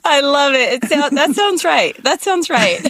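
A woman's voice: sits high, expressive, unhurried, a bit bright, no echo. A woman hosting an interview, affirming her guest and steering the talk. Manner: encouraging, short affirmations. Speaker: interview host.

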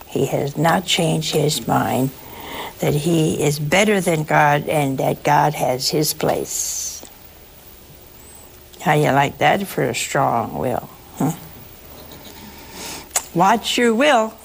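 A woman with a low, gravelly voice gives listeners a folksy, sermon-like talk, hitting key words hard with slow, emphatic stresses. A little hiss or hum sits under the recording.

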